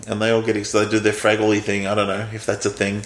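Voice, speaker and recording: A man co-hosting a podcast, giving a relaxed, wry, plain-spoken film review in casual chat. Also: on the low side, fast. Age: adult, older than in childhood. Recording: echoey room with faint background noise.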